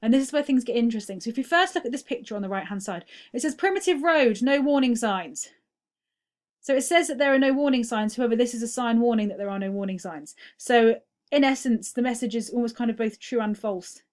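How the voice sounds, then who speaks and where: A woman's voice: a little high, expressive, fast. Woman teacher going over quiz answers. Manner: explanatory, frequent "okay?" check-ins. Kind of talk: recorded feedback lesson.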